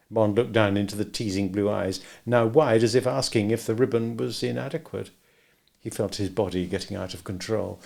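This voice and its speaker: Gravelly man reading a novel aloud. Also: lowish voice, steady tone, brisk, darkish tone. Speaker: audiobook reader. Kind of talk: scripted narration.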